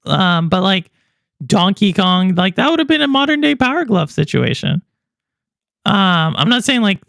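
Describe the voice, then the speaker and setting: Lively, rambling livestream host. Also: mid-range voice, gravelly, no echo, studio quality. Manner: chatty and rambling, many fillers and asides to chat viewers. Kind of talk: casual chat reacting to gaming news and live chat.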